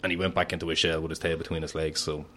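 A man's voice: very deep voice, little pitch movement, racing, fairly bright tone. A young Irish man, a fighter, chatting brashly on a podcast, boastful and laughing often. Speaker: fighter guest. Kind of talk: casual podcast chat.

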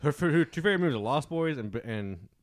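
A man co-hosting a podcast, guessing film titles quickly, joking and laughing a lot. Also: fairly high pitch, expressive, crowd noise. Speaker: podcast co-host. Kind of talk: casual chat, guessing movie trivia.

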